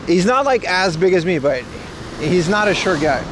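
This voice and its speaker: A man livestreams as he walks through city streets, speaking at normal speed in a high-pitched, very animated voice. He chats casually and speaks directly to his viewers, and the outdoor recording is noisy with street sounds.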